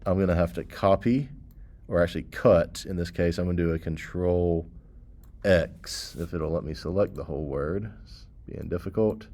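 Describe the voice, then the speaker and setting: A man's voice: deep voice, normal speed, a little mellow. A man teaching web design, casually walking through code steps and checking in with "okay" and "all right" as he goes. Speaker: computer science teacher. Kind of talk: screen-recorded coding tutorial.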